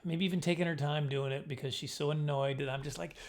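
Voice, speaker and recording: A middle-aged man telling a self-mocking comic story to camera in a casual, animated way. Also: fast. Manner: animated, self-mocking, jumps into high squeaky voices for his younger self. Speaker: comedian storyteller.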